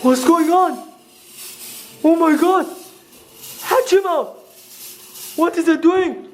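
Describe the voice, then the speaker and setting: A man's voice: extremely high pitch, very slow, a little hiss or hum. A young man acting out a scripted horror skit for his vlog, panicking and repeating his exclamations. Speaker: vlogger.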